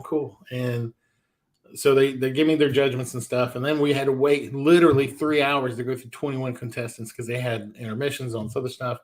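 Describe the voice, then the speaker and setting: A man in his forties from the American South, a stand-up comedian telling stories in an interview and acting out the voices of people he quotes. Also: medium pitch. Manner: animated storyteller, acts out quoted voices. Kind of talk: storytelling interview.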